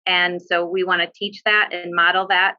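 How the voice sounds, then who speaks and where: A woman giving earnest, plainspoken advice in a webinar, her voice a touch low and notably bright and forceful. She leans on fillers as she goes. The sound is dull and lo-fi, as over a video call. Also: little pitch movement, normal speed. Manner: earnest, direct, with frequent fillers. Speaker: bereavement social worker.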